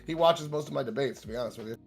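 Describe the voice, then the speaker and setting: Male guest on a call, easygoing and profane, ordinary mid pitch, faint music behind. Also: racing, creaky, husky. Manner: relaxed and offhand, swears casually. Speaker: guest debater and streamer. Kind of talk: casual chat. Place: home streaming setup, on a call.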